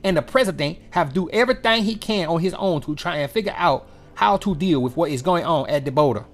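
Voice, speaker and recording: A man's voice: on the high side, animated, a little fast. A man putting on a mocking impression of a woman government spokesperson, with an exaggerated put-on accent.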